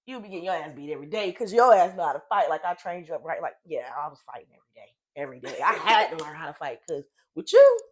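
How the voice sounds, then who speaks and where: A woman's voice: low voice, fast talker, hardly any pauses, husky. A young woman telling a story on a podcast, laughing and acting out the people she quotes. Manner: animated, laughing, acts out quotes. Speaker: podcast co-host. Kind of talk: casual storytelling chat.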